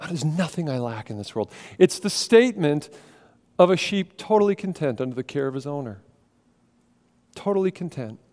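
A man preaching a sermon as pastor, moving between hushed, intimate passages and loud, emphatic ones. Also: a little high, lively intonation, fairly quick. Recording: long hall reverb.

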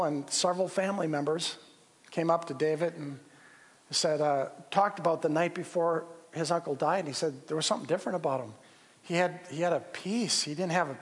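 A man preaching a sermon as pastor, earnest and storytelling with pauses and restarts. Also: on the high side, breathy edge. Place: church sanctuary. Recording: long reverb of a church hall.

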